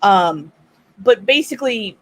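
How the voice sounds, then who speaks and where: A woman's voice: medium pitch, expressive, slow pace. A woman on a discussion stream, casually explaining a trend with lots of "like" and "um" fillers. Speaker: panel guest. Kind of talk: casual chat.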